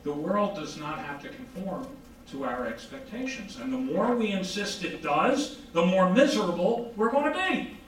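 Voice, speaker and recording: A man giving an informal psychology lecture, animated, asking rhetorical questions and answering them himself. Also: sits high, normal speed, slight background noise. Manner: acts out quoted dialogue. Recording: very echoey room from far off.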